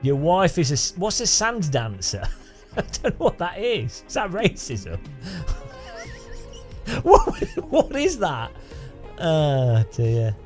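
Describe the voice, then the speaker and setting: A man's voice: a little high, huge pitch swings, takes it slowly, long pauses, a little mellow, faint music behind. A man from England chatting casually with his live-stream audience, laughing often and greeting viewers by name. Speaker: game streamer.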